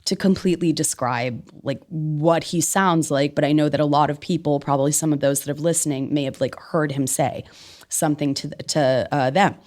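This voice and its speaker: A woman guest telling an animated personal story in a conversation, laughing often and filling her speech with "like.". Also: sits low, normal speed. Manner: expressive, laughs often, many "like" fillers. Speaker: podcast guest, spiritual medium.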